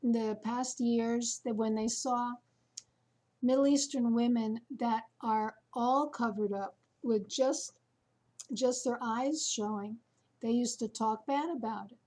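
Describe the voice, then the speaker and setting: A woman chatting casually to her viewers, telling a story slowly with many fillers. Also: a little high, a little mellow. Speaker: vlogger. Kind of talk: casual chat to camera.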